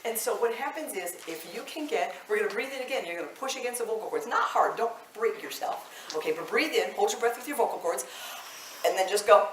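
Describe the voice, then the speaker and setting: A woman's voice: medium pitch, lively intonation, a little fast. A woman voice teacher leading a live singing workshop, chatting to the group and checking in with "okay?" after each point. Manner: chatty, ends phrases with "okay?". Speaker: voice teacher and choir director. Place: large echoey room with a live group. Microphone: room mic at a distance. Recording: roomy, distant, faint hiss.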